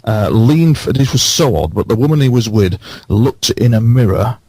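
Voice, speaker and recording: A man on a radio show who recounts his experiences earnestly, halting and repeating phrases for emphasis. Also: mid-range voice, expressive, darkish tone, husky, no echo. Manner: halting, with many false starts.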